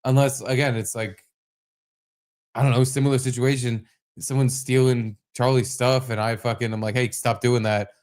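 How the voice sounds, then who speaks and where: A young man co-hosting a podcast, telling a story with lots of swearing and animated bursts. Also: mid-range voice, normal speed. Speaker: podcast co-host. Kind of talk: casual podcast chat.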